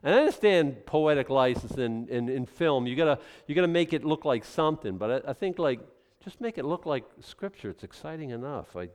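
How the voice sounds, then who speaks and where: A male pastor delivers a sermon in a rambling, conversational style, breaking off into stories and acted-out scenes. His voice is smooth and resonant, pitched in the middle range. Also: expressive, a little fast, few pauses.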